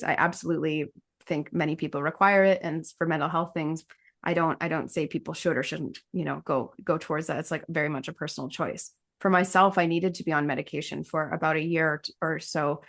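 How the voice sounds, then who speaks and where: A woman with a slightly low voice chats candidly on a podcast. She rambles with fillers and restarts and laughs often mid-sentence. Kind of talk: conversational podcast chat.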